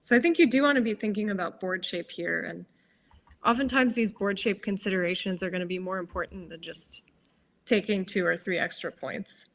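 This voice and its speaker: A woman giving live game commentary, explaining moves in a measured, analytical way with hesitant fillers. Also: mid-range voice, vocal fry. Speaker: tournament commentator.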